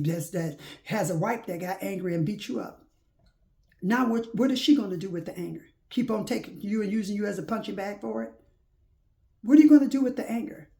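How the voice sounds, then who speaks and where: A woman speaks in a mellow, gravelly voice, preaching informally to her listeners. She urges them on with folksy phrasing and keeps circling back to the same pointed questions. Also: fairly low pitch. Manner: exhorting, repeats rhetorical questions. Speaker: faith-based motivational speaker.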